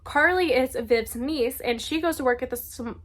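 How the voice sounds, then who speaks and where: A young woman chatting casually and excitedly about books she loves, with lots of filler words. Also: high-pitched, normal speed. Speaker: book reviewer. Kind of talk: casual book recommendation vlog.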